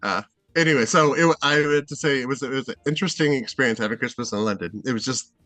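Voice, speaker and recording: A man's voice: medium pitch, fast talker, sharp tone, no room sound. Middle-aged guy from seattle, rambly, tons of ums and restarts, dry sound. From Seattle, USA. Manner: rambling, hesitant, many fillers and restarts. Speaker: guest. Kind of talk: casual interview chat.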